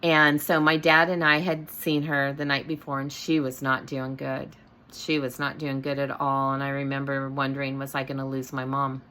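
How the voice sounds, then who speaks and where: A middle-aged woman with a low, deep voice tells a story from her own life. Her talk is casual and rambling, full of fillers and false starts. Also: level tone, moderate pace, bright, forceful tone, slight background noise. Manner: rambling, many fillers and restarts. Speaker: host.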